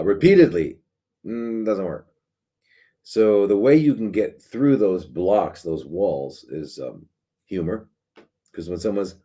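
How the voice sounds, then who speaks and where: A man's voice: low-pitched, mellow, slightly rough. A middle-aged man, a doctor hosting a live show, talking casually in a sarcastic, rambling way with many restarts and fillers.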